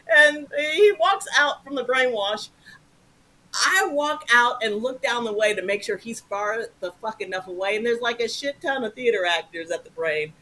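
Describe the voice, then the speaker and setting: A woman's voice: fairly high pitch, lively intonation, normal speed, sharp tone. A woman telling a story as an interview guest. She talks animatedly, swears freely and acts out the voices in her anecdotes. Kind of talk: casual storytelling.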